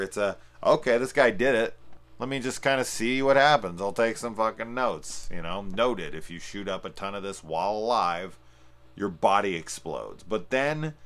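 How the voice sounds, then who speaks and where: A man with a deep, low voice talks through a film review in a loose, unscripted way. He rambles, fills gaps with "um" and "like", and swears freely as he gets worked up. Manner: profane, excitable, rambling with fillers. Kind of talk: casual spoiler discussion.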